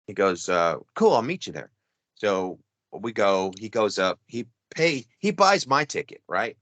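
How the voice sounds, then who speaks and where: A man's voice: fairly low pitch, very animated, a little slow, fairly bright tone, no room sound. A middle-aged man hosting a casual chat, telling a story with many restarts and asides. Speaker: podcast co-host.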